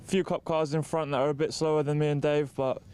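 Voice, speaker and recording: A man who is a racing driver, calm and measured in a pit lane interview. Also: on the high side, clear, resonant tone.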